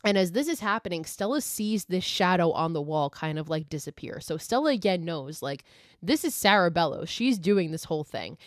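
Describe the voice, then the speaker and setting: A woman's voice: fairly low pitch, expressive, moderate pace, no echo, clean studio sound. Chatty, swearing woman recapping a film. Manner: chatty, swears freely, heavy use of "like". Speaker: podcast host.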